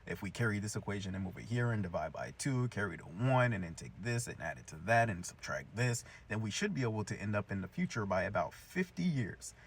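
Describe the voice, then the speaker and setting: A young man casually recapping a cartoon episode in a chatty, slangy, animated way. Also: lowish voice, a little fast, gravelly, few pauses, breathy edge. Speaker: cartoon reviewer.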